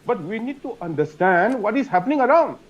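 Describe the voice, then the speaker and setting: A man's voice: sits high, big pitch swings, brisk, highs cut off. A man, a colonel on a news debate panel, insistent and repetitive, pushing his point over others. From Manipur. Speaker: retired army colonel, panelist.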